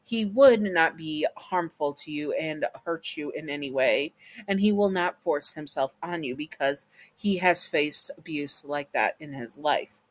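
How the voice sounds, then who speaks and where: A woman's voice: low voice, a little slow. A young woman reading a written fan scenario aloud in a casual way, stumbling and correcting herself as she goes. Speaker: fan-fiction reader and channel host.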